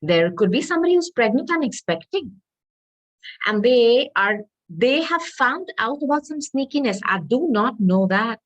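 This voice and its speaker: A woman tarot reader talking her way through a reading, repeating herself and adding hedging asides, clearing her throat as she loses her voice. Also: fairly high pitch, sing-song, moderate pace, rough recording. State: losing her voice.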